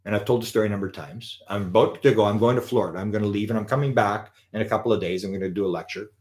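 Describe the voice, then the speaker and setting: A man with a somewhat low voice speaks to a live audience. He tells a long anecdote in an animated way and acts out the quoted lines. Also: racing. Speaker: lecturer on UFOs. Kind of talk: live storytelling talk.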